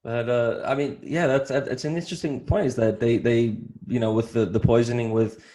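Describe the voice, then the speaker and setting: A man hosting an interview podcast, talking casually with halting restarts and retelling comedy bits. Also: medium pitch, steady tone, mellow. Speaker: podcast host.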